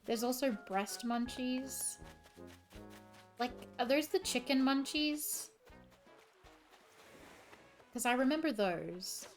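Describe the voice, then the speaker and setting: Slow-talking woman streamer, swearing. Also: high-pitched, animated, faint music behind. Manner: chatty, swears freely, exclaims at the game. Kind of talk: casual gaming live stream chat.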